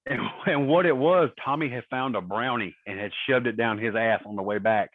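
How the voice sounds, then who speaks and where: A man's voice: mid-range voice, fairly quick, dry recording. A man guesting on a podcast, telling profane, laughing anecdotes on a remote call. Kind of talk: casual storytelling. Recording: tinny phone-line sound.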